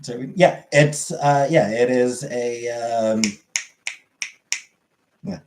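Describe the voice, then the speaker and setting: Male streamer, casual comment chat, halting and filler-heavy, mid-pitched, roomy sound. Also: a little mellow, a little hiss or hum. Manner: rambling, halting with many fillers.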